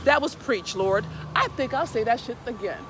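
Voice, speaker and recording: Woman, casual live-stream talk, profane, preachy, animated, outdoors, faint street noise. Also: on the high side, normal speed. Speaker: live video host. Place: outdoors in an urban area, walking a dog.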